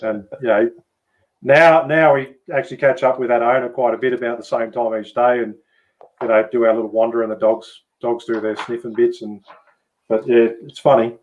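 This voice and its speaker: A man with an Australian accent chatting casually as host, relaxed and swearing freely. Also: mid-range voice, moderate pace, highs cut off. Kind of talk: casual chat.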